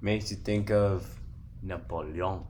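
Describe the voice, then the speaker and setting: Very deep-voiced man with short quiet replies. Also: fairly even intonation, takes it slowly, slight background noise. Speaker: podcast co-host. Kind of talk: casual podcast chat.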